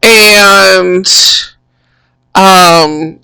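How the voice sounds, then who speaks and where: A woman narrates a tabletop game as its game master. She talks very slowly and halts often, with many fillers. Her voice is bright and lively in pitch, and the mic sounds dry and close. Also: no room sound. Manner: slow, halting, many fillers.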